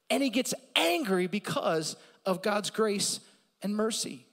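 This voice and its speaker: A male pastor delivers a sermon in an animated, conversational way, dropping in asides. His voice sits high for a man. A long church-hall reverb trails every phrase. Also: a little slow.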